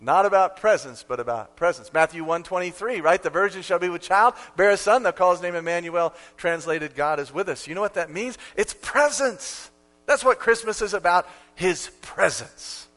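A man preaching a sermon as pastor, emphatic and repeating key lines for effect, with sudden swings from quiet to loud. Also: sits high, animated, normal speed.

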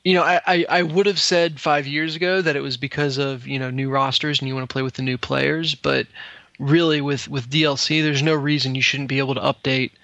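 A man's voice: mid-range voice, fairly even intonation, a little fast, vocal fry, sharp tone, no room sound, muffled recording. A man hosting a casual gaming podcast quiz, reading out taglines and laughing along with his co-hosts. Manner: reads quotes aloud, laughs often. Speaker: quiz host.

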